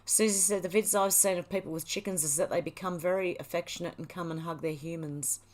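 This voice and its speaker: A middle-aged Australian woman hosts a livestream, reading viewer comments aloud and chatting back casually. Her voice is fairly low and a little mellow, with a steady tone and a brisk delivery.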